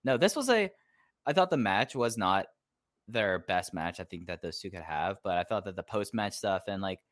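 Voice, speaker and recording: Deep-voiced, enthusiastic co-host man. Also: expressive, moderate pace, a bit bright, no room sound, studio quality. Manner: enthusiastic, rambling, lots of "like". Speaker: podcast co-host. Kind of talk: casual chat.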